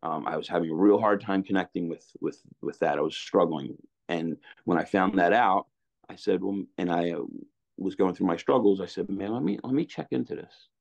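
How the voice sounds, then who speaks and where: A middle-aged man with a deep, low voice talks candidly, circling back and restarting his sentences often. His speech is loose and casual, sprinkled with "man" and "you know what I mean". The recording sounds somewhat dull and lo-fi. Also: fairly even intonation, normal speed. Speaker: interview guest. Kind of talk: candid storytelling conversation.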